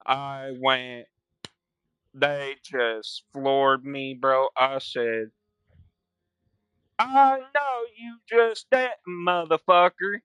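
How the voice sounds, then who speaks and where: Swearing young male gamer, laid-back slang, crisp dry close sound. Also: medium pitch, no room sound. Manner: profane, laid-back slang with loud quoted outbursts. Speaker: gaming streamer. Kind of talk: casual storytelling while playing.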